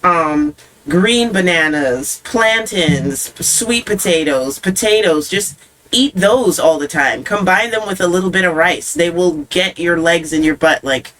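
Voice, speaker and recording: A woman's voice: on the low side, unhurried, a bit bright. A young woman co-hosting a podcast, telling stories in a chatty, giggly way. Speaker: podcast co-host, singer. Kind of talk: casual chat.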